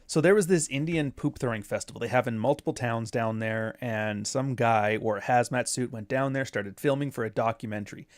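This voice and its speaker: A man of middle pitch talks through a casual commentary, wandering off on tangents with sarcastic jabs. The sound is close and dry, with no room around it. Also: a little fast, hardly any pauses, dry recording. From Canada. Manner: rambling, sarcastic asides. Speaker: commentary host.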